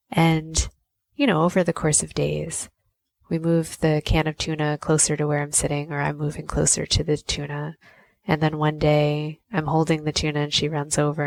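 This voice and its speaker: A woman's voice: low voice, creaky, dry recording. A woman podcast host telling a personal story in a conversational way, often saying "you know.".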